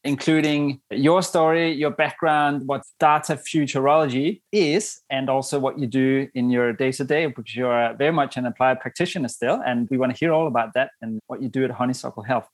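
A male podcast host with a mid-range voice introduces his guest and lays out the topics. He asks measured, prepared questions. The sound is close and dry, with no room echo. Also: medium pitch. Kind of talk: interview introduction.

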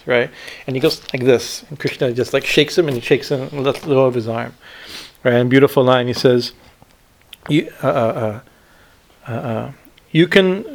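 Gravelly man giving a halting spiritual talk. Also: medium pitch. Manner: halting, many fillers and repeated "right?". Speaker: swami teacher. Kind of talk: spiritual discourse retelling a story.

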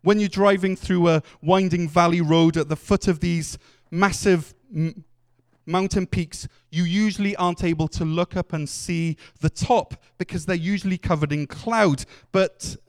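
Male preacher, earnest storytelling sermon, smooth clear voice, slightly high. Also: steady tone. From Wales. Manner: earnest, storytelling with acted-out quotes and pauses.

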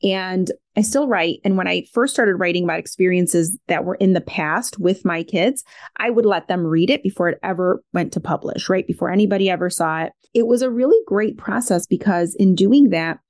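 A woman's voice: on the low side, normal speed, darkish tone. A middle-aged woman speaking as a parenting expert guest in a podcast interview, candid and reflective, often saying "like". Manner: reflective, candid, many filler "like"s.

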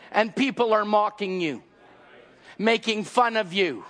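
A man preaching an impassioned sermon, acting out scenes and shouting at the peaks. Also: high voice, lively intonation, a little slow.

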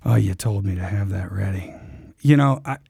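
A man in his forties, a guest actor on a podcast, telling stories in an animated way, swearing freely and acting out the people he quotes. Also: fairly low pitch, normal speed, creaky, slightly rough, no echo, studio quality. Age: 40s. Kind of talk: casual podcast storytelling.

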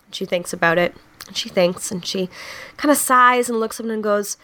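On her laid-back comedy podcast, a young woman tells jokes with frequent laughter and lots of filler words. She speaks briskly in a medium pitch with a sharp tone.

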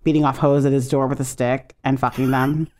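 A woman co-hosting a podcast in casual chat, retelling a film with animated storytelling, quick quoted voices, frequent laughs and casual swearing. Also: extremely low pitch. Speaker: podcast co-host.

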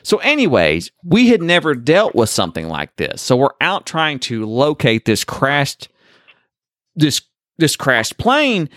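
A man co-hosting a podcast, telling a story in an animated, laughing way, chatting casually with callers. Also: on the high side, unhurried, no echo, studio quality. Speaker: podcast co-host.

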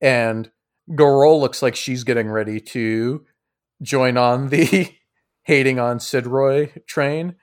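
A man runs a tabletop role-playing session as game master. He narrates in a loose, easygoing way, with fillers and small chuckles. His voice sits at an everyday middle pitch. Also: slow pace. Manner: laid-back, chuckling, lots of fillers.

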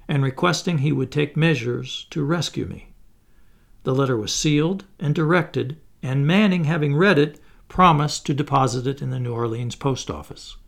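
Male audiobook narrator, gravelly voice at mid pitch, measured and solemn. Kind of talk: scripted narration.

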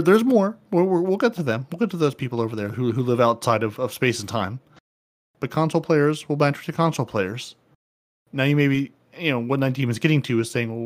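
A man co-hosting a casual gaming podcast, paraphrasing update notes playfully and often stumbling into restarts. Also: mid-range voice. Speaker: podcast co-host.

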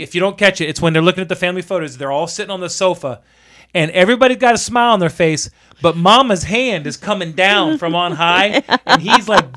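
A man's voice: sits high, no room sound. A man co-hosting a casual movie review chat, retelling scenes with laughs. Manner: animated retelling of scenes with quoted voices and laughs. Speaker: podcast co-host.

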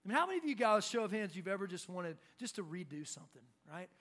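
Young male pastor, light high voice, lively sermon delivery with acted-out lines. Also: quick pace. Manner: animated, acts out shouted quotes.

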